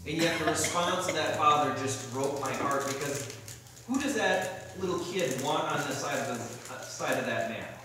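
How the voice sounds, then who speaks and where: A man's voice: on the high side, expressive, normal speed, recorded from a distance. A young adult man preaching a sermon as a pastor, earnest and conversational, telling personal stories. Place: church sanctuary. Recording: echoey church hall mic from afar with noise.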